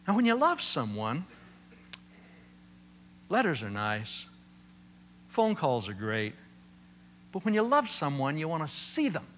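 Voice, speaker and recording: Lively, bright-voiced male preacher. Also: mid-range voice, a little slow, long pauses, slight background noise. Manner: animated storytelling, acting out quotes with humor. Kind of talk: sermon.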